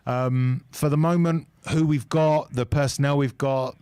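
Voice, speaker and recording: Bloke co-hosting a footy watch-along, lively and opinionated, dry close sound. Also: male voice, medium pitch, measured pace, smooth, no echo. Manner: animated, opinionated, jokey. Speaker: co-host of a football fan watch-along. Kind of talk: casual chat.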